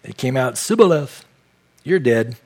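A man's voice: fairly high pitch, expressive, unhurried. A man from San Diego teaching verse by verse through a Bible passage as pastor, with conversational, folksy asides.

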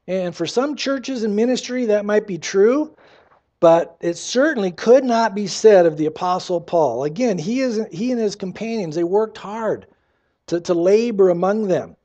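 Man, pastor, sermon, high voice, mellow tone, dull lo-fi church recording. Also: normal speed. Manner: conversational preaching, reads scripture aloud, wry asides.

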